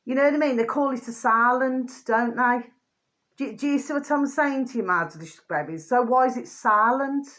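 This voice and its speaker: A woman's voice: fairly quick, a bit bright. Chatty woman rambling to viewers. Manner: chatty, repeats pet phrases and asks "do you know what I mean"; often drops to a low murmur, then rises high and laughs. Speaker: channel host. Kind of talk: rambling casual monologue.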